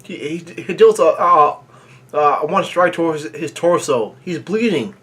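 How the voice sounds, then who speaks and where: A man hosting a live reaction, reading pages aloud haltingly with many fillers and bursting into excited remarks. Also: a little high, breathy edge. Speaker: manga reaction channel host.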